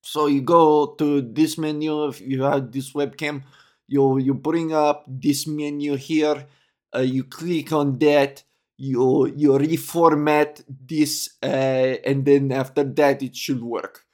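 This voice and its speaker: Guy putting on a russian accent, curt tech help dude, no fluff, slow and businesslike. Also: a little high, steady tone, a little mellow. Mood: matter-of-fact. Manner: blunt, businesslike, broken phrasing.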